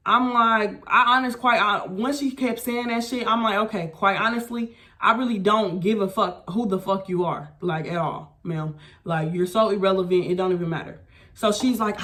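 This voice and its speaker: Woman, blunt profane storytime vlog, animated rant. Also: medium pitch, moderate pace. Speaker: vlogger.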